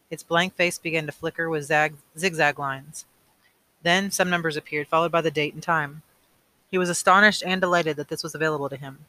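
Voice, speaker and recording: Male audiobook reader, bright slightly high voice, plain and unpolished. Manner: plain reading with small slips and self-corrections. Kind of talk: reading a novel aloud.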